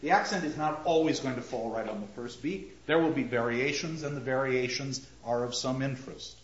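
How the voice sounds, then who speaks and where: A man's voice: medium pitch, fairly quick, a little hiss or hum. A man teaching literature to a class, reciting lines of verse and tapping out their rhythm as he asks questions. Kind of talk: classroom lecture. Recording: roomy, dull lecture recording.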